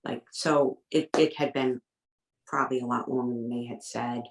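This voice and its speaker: A woman's voice: rumbling low, fairly even intonation, normal speed, roomy sound, poor audio. A woman, a podcast guest, telling a personal story with an urgent, emotional edge and quoting the back-and-forth dialogue. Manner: recounts events with quoted back-and-forth dialogue.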